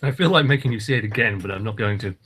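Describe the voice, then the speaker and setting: A man's voice: lowish voice, expressive, rapid-fire, fairly bright tone, husky. A man co-hosting a casual podcast chat, teasing his co-host in a dry way.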